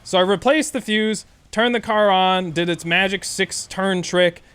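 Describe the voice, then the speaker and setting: A male streamer telling a story casually, animated and swearing often. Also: sits high, measured pace, smooth. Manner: profane, animated rant.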